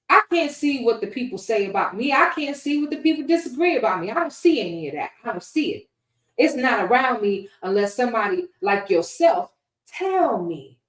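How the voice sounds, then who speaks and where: Defiant, preachy woman interviewee, animated delivery, miked from a distance. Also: a little high. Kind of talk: casual interview talk. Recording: echoey room, far from mic.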